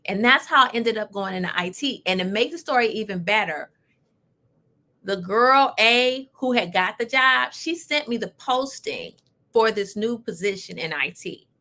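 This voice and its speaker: With a medium pitch and noticeable vocal fry, this casual talk show host shares a story from her own life. She tells it emphatically and energetically, sprinkling in spirited asides.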